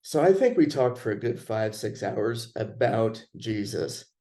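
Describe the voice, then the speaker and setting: Laid-back man telling a story, mellow voice. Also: fairly low pitch, very animated, measured pace. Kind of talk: casual storytelling chat.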